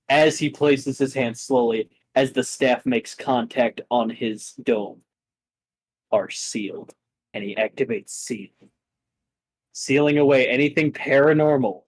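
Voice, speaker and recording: A man running a tabletop game as game master, narrating the fight in an unhurried, drawn-out way. His voice sits at a middle pitch, and he tells the action with animated storytelling. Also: no echo, low-quality recording.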